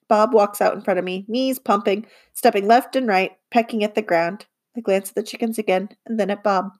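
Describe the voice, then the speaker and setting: A woman narrating a children's audiobook in the first person, with lively, girlish storytelling. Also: mid-range voice, fairly quick, few pauses. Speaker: audiobook reader.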